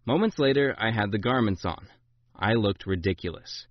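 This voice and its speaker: A man narrating a memoir, voicing the quoted lines with big jumps in pitch and loudness. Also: moderate pace, dry recording. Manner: voices the quotes with big rises in pitch and volume. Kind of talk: dramatic memoir reading. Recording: dull, lo-fi dry recording.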